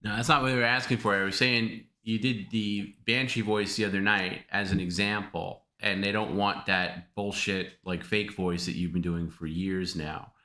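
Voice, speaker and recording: A man's voice: fairly low pitch, steady tone, moderate pace, few pauses, sharp tone, echoey room. A man co-hosting a live stream, coaxing and pushing the host with repeated requests. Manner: insistent, coaxing, repeats himself. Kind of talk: casual live-stream banter.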